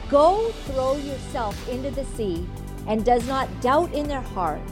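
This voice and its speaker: A woman talking casually to her audience and reading scripture, chatty and animated, acting out quotes in playful voices. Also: fairly high pitch. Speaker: online commentator and preacher.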